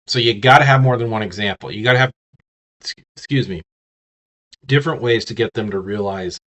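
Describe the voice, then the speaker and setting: Low-voiced man giving a casual business talk. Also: a little fast, a bit bright. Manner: conversational, many restarts and fillers, talks to the listener directly. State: has the hiccups. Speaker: business communication instructor. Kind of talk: casual lecture.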